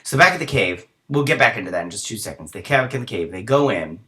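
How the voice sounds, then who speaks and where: A man's voice: medium pitch, lively intonation, sharp tone. A man hosting a casual TV episode recap, rambling along and briefly acting out the characters. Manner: rambling, acts out characters in quick voices; chatty with lots of fillers like "he's like". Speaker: show host reviewing a TV episode.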